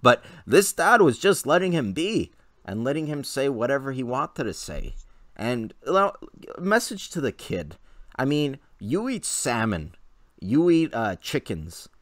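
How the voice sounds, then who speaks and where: A man's voice: medium pitch, unhurried, dry recording, clean studio sound. A man co-hosting a casual podcast chat, telling anecdotes animatedly and acting out what others said. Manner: animated storytelling with lively quoted voices. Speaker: podcast co-host.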